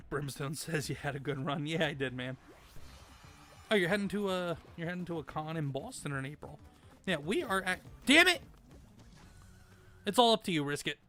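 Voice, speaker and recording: A man's voice: a little high, a little fast, fairly bright tone, soft background music. A man hosting a live gaming stream, cheering on his teammates and reading out the chat, repeating words when he gets flustered. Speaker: streamer host.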